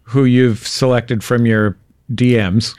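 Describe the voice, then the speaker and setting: A man hosting an interview, playful and quick to riff and laugh along with his guest. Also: medium pitch, fairly even intonation, darkish tone, smooth, no echo, clean studio sound. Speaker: interviewer, host. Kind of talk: casual interview talk.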